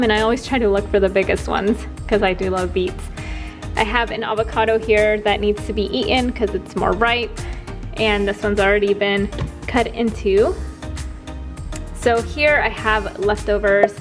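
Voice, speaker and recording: A young woman giving a casual kitchen tour as a health coach vlogger, chatty with frequent ums and self-corrections. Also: mid-range voice. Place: home kitchen, indoors.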